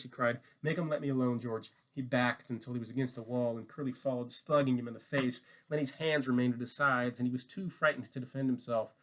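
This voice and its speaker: A man reading a novel aloud as narrator, in a measured, steady way. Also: mid-range voice. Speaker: audiobook reader.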